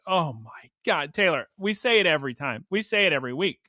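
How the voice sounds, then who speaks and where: A man co-hosting a podcast, excitedly recapping an episode with hyped, animated storytelling. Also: a little high, brisk, hardly any pauses, no room sound, clean studio sound. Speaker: podcast co-host.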